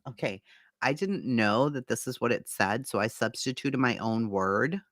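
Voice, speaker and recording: A woman's voice: extremely low pitch, normal speed, no echo, clean studio sound. A woman reading court testimony aloud and reacting with incredulous, profane commentary, laughing between lines. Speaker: commentary host.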